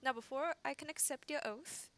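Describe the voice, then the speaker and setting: A woman voicing a gruff male naval officer who barks orders. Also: high voice, normal speed, fairly bright tone, pitched above the performer's own voice. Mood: commanding. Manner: commanding, barking orders.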